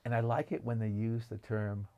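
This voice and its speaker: A man co-hosting a podcast discusses movies in an eager, rambling way, full of storytelling detours, though his delivery itself is flat. He has a fairly low voice at normal speed, and the recording's high frequencies are cut off.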